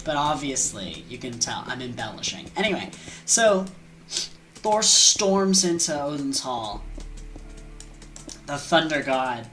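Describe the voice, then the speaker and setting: A woman's voice: extremely low pitch, very animated, slow, long pauses, fairly bright tone, faint music behind. A woman casually retelling an old myth, rambling with fillers, asides and slang. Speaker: storyteller.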